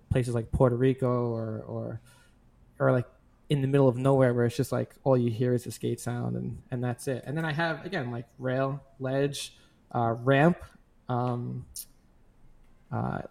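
A man's voice: mid-range voice, flat delivery, normal speed, vocal fry, darkish tone. A man as a guest in a casual interview, talking in a loose, rambling way with lots of fillers. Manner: rambling, filler-heavy, laid-back. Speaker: guest, skate video maker.

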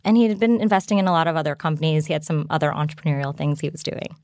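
A woman's voice: sits low, fairly even intonation, racing, darkish tone, dry recording, clean studio sound. A woman in her thirties, a startup founder speaking as a guest in a casual interview, chatty and full of fillers like "like" and "you know". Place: studio.

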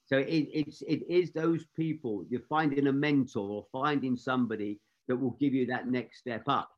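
A man's voice: medium pitch, moderate pace. Older english guy, film assistant director, rambly storyteller, keeps restarting, muffled lo-fi audio. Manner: rambling anecdotal, frequent restarts. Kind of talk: career interview storytelling.

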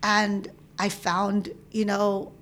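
A woman in her thirties telling a personal story in casual chat, animated, acting out the voices of people she quotes. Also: mid-range voice, very slow. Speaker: interview guest. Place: San Francisco.

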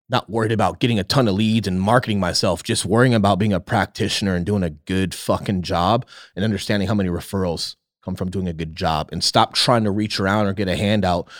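Casting: man, 30s, low voice, earnest and blunt storyteller, dry close sound. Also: dry recording. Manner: candid, profane, earnest. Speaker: podcast guest, realtor. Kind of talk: casual storytelling on a podcast.

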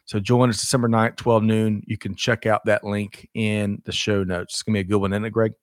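A man's voice: fairly low pitch, flat delivery, a little fast, no echo, studio quality. A man co-hosting a livestreamed show in casual chat, upbeat and chatty, with frequent laughs and fillers. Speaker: co-host of a livestreamed supply chain show.

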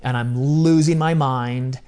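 A man's voice: mid-range voice, steady tone, takes it slowly, darkish tone. A man talking as an interview guest, telling personal stories in an emphatic, casual, slang-heavy way. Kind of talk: candid personal storytelling.

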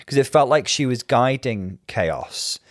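A man's voice: medium pitch, lively intonation, dry recording. Guy cohosting a podcast, mid voice full of ups and downs, dead dry sound. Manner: teasing, chatty, quick to laugh. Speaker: podcast co-host. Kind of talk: casual chat.

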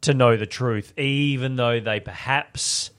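A man discussing a film casually, in a measured, thoughtful way. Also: mid-range voice, a bit bright, smooth. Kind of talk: casual film review chat.

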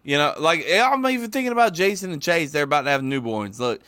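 A man in his thirties co-hosts a casual podcast chat in a bright, tense voice. He gets heated and profane, hammering his points with emphasis, and the recording sounds dry and close. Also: fairly high pitch, lively intonation, quick pace, no echo. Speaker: podcast co-host.

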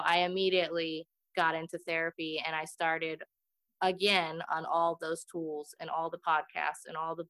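A woman's voice: low-pitched, fairly bright tone, no echo. A woman in her thirties speaking earnestly and reflectively as a guest in an interview chat. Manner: earnest and reflective, laughs easily. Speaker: podcast guest.

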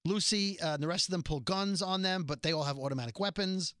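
A man hosts a casual podcast and recaps a TV episode in a chatty, joking way, full of rambling asides. His voice is bright and sits a little high. The sound is dry and close, with no room echo. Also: fast talker. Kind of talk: casual chat.

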